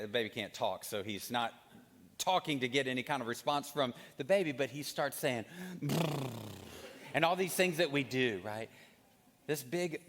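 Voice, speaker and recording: A man's voice: mid-range voice, fairly bright tone, big-room sound. A man preaching a sermon, telling a story with rising animation and then reading scripture aloud. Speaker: pastor.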